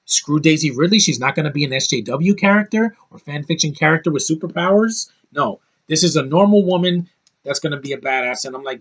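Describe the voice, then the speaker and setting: The tired movie list vlogger sounds a little high and fairly bright, speaking expressively and fairly fast. Sleep-deprived, he rambles through blunt film opinions in a casual video, frequently starting sentences over.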